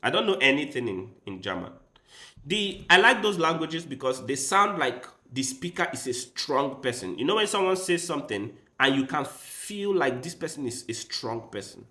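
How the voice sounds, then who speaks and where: A man's voice: a little high, sing-song, normal speed, bright, forceful tone. A man chatting casually with his livestream viewers, rambling and speaking straight to them. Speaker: chess streamer. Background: faint background music.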